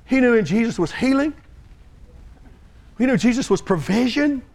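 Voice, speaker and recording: A man preaching a sermon, swinging from hushed storytelling to loud shouting and often repeating and restarting his words. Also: very high voice, lively intonation, moderate pace.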